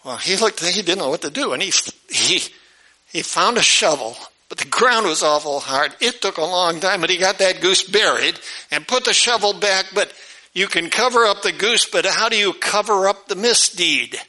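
Bright-voiced pastor telling a story. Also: male voice, high-pitched, normal speed, low-quality recording. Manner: animated, acts out the characters' voices. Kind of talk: storytelling sermon.

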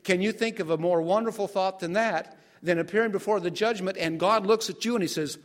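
Older male pastor, higher-pitched voice, sermon delivery, quizzes his listeners as he goes. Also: fairly quick, few pauses. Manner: asks the congregation questions and waits for answers.

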